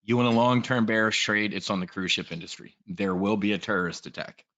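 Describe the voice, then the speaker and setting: A man's voice: fairly low pitch, a little fast, fairly bright tone, muffled recording. A man giving a casual, blunt and profane trade briefing, talking in a rambling way as a trading educator.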